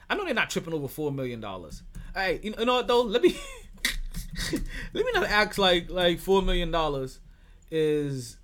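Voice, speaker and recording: A man hosting a sports podcast in casual chat, animated, swearing freely and laughing often. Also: high-pitched. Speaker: podcast host.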